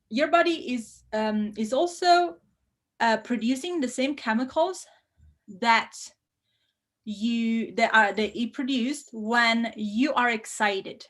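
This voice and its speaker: A woman hosting a live language-learning Q&A, bubbly and effusive with excited bursts. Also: a little high. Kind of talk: casual live-stream chat.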